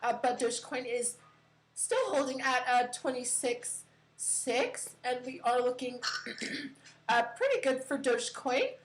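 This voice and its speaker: A woman's voice: sits high, expressive, a little slow, poor audio. A woman hosting a casual crypto live stream from her computer, chatty with many fillers and giggles.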